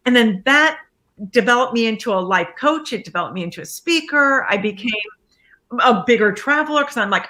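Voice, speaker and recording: A woman with a bright, forceful voice tells her personal story as a guest life coach. She is animated, laughing often and acting out the voices of the people she quotes. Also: on the high side, brisk. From Iraqi family background, raised in America. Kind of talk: casual storytelling interview.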